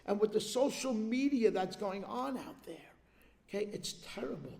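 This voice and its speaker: A man giving a sermon at an organization's event, telling a religious story with animated delivery and checking in with the audience. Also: sits high, normal speed, creaky. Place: large hall at an event. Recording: long reverb of a large hall.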